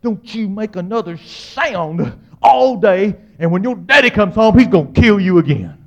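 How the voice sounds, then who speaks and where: A man's voice: high voice, lively intonation, normal speed, vocal fry, highs cut off. A man voicing a stern mother scolding her son during a sermon story. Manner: scolding, threatening.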